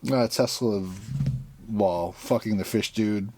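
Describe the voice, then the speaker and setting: A man with a lowish voice chats casually on a podcast, walking through a comic's plot and breaking into laughter at the crude bits. The sound is dry and close, with no room around it. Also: measured pace, darkish tone, no room sound. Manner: recaps plot with crude jokes, laughing often. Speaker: podcast co-host. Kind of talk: casual comic book review chat.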